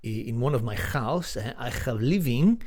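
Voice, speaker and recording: A man voicing his retired older Spanish father, speaking halting, broken English with a thick Spanish accent. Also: mid-range voice, expressive, darkish tone, dry recording, clean studio sound, lightly acted. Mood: earnest.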